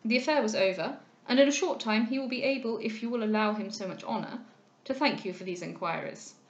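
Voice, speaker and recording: A woman voicing a courteous, formal gentleman from a period novel, measured and polite. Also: a little high, highs cut off, lightly acted. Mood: earnest. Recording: roomy echo.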